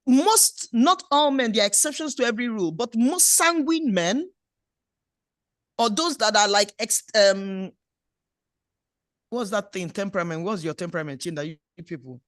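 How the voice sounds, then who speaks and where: A woman's voice: mid-range voice, expressive, moderate pace, no echo, clean studio sound. A middle-aged woman, preaching a sermon in a playful, exhorting way. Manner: playful, exhorting preacher who acts out little scenes. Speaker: pastor.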